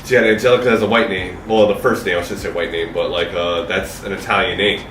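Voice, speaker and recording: A man's voice: sits low, steady tone, fast talker, fairly bright tone. A man casually reviewing a movie with friends, rambling with lots of fillers. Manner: loose, rambling, many fillers. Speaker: podcast co-host. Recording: echoey room, distant mic, faint noise.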